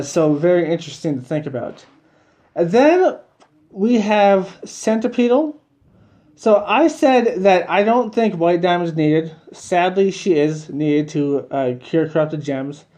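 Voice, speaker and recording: A man's voice: high voice, dark tone. A man giving a casual, rambling video review of a cartoon episode, repeating himself and chuckling between points.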